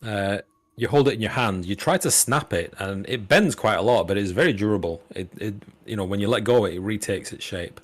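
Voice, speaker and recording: A low-voiced man narrates a tabletop game as game master. He talks casually, stopping and restarting his sentences as he describes the scene. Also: fairly quick. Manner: loose, full of fillers and restarts.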